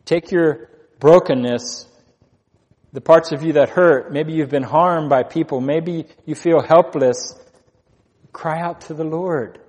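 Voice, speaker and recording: A man's voice: on the high side, slow pace, a little mellow, long reverb tail. A man preaching a sermon as pastor, earnest, repeating key phrases for emphasis.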